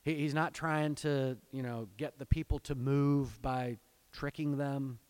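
A man preaching a sermon, reading scripture aloud and explaining it in earnest, exhorting tones, swelling into fervent pleading and then dropping low. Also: fairly even intonation, unhurried, darkish tone, smooth. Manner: earnest, exhorting, addresses parents directly. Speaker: pastor.

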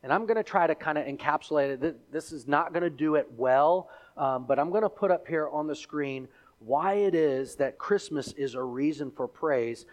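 A male pastor preaching a sermon, telling the story with animated delivery and acting out the characters and crowd. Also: a little high, moderate pace.

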